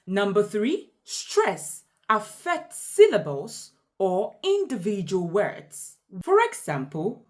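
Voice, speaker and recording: Slow, lively-voiced woman teaching pronunciation. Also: medium pitch. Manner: deliberate, emphatic example sentences. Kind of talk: slow explanatory lesson.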